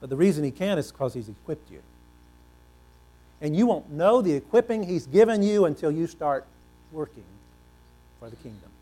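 A male pastor preaching a sermon, animated and asking the congregation questions, swinging between loud and hushed delivery. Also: on the high side, normal speed, pauses often. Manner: repeats words for emphasis, asks the congregation questions.

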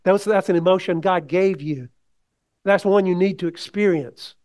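Speaking at normal speed in a high-pitched voice with a darkish tone, a man delivers a conversational sermon. He frequently asks his listeners questions.

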